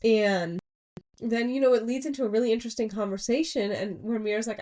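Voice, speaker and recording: Young american woman, bit high voice, giggly rambly book chat. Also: brisk, mellow. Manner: giggly, rambling retelling with many fillers. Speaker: podcast co-host. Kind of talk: casual book-club chat.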